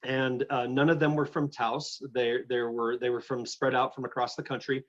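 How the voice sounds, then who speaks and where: A middle-aged man telling a personal story as a guest in an interview, animated and full of restarts. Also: mid-range voice, normal speed, highs cut off. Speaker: guest, energy healer.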